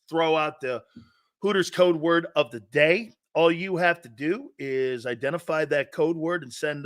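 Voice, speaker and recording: A man's voice: a little high, pushed and bright. A man hosting a sports talk show, ranting in a sarcastic, mocking way. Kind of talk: opinionated sports talk rant.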